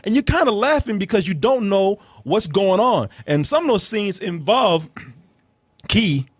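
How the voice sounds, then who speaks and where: A man with a high, bouncy voice hosts a casual film review podcast. He swings his pitch up and down a lot as he talks, laughing often and restarting his sentences. He is recorded close and dry, with almost no room sound. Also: very animated, a little slow, no echo.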